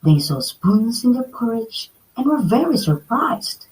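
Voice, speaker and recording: A woman reading a children's story aloud as storyteller, slowly and expressively. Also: on the high side, poor audio. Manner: slow, expressive read-aloud.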